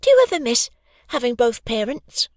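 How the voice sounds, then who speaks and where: A narrator voicing a sleepy, curious young girl in a children's audiobook, sometimes dropping to a breathy whisper. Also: medium pitch, big pitch swings, moderate pace, dry recording, studio quality, voice pushed up, natural voice. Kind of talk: audiobook character voice.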